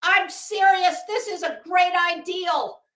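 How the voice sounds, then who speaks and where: A woman doing a mocking impression of a brash, foul-mouthed woman streamer who swings from sugary greetings to loud cursing. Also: slow, reverberant, heavily acted. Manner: loud, profane, shrill sweet-then-cursing.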